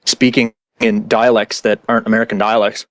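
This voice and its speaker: A man's voice: fairly low pitch, level tone, brisk, a bit bright, no room sound. A man who is a guest actor on a casual podcast interview, telling stories and laughing often.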